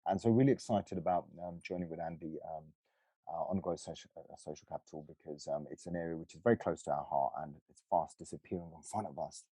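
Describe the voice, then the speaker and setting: East london guy co-hosting, video call, deep low voice, dry. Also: fast, warm tone, breathy edge, no room sound. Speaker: co-host. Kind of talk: casual self-introduction.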